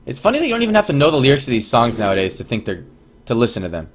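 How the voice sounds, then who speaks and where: Animated, profane young streamer man. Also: medium pitch, racing, breathy edge. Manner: rambling, profane, swings from mumbling to excited. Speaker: livestreamer. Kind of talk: casual stream chat.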